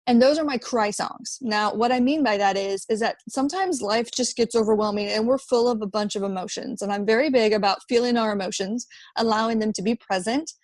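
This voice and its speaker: A woman's voice: a little high, a little fast, hardly any pauses, a little mellow, no room sound. A woman in her thirties, a podcast guest, talking earnestly in a conversational interview and often repeating words as she thinks. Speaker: podcast guest, app founder.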